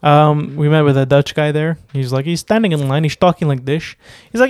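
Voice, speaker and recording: Chatty man with a clear voice. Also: on the high side, steady tone, fast talker, no echo, studio quality. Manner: rambling, many fillers and restarts, laughs often. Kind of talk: casual chat.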